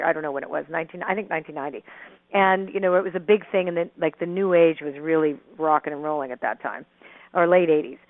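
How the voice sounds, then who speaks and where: A woman's voice: on the low side, dry recording. Middle-aged woman over a tinny phone. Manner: animated, rambling with restarts and frequent laughs. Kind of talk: telling a personal story. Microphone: telephone.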